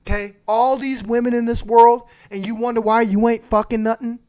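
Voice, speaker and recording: A man's voice: extremely high pitch, level tone, normal speed, mellow, clear, resonant tone. A man hosting a livestream, giving blunt, crude advice and repeating his points for emphasis. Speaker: livestream host. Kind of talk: profane advice rant.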